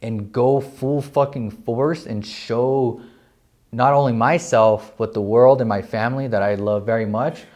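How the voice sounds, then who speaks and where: A young man from New Mexico, a real estate agent, telling his story in a casual interview, excited and profane, filling his talk with "like". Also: medium pitch, measured pace. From New Mexico, USA. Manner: excited, profane, heavy use of "like".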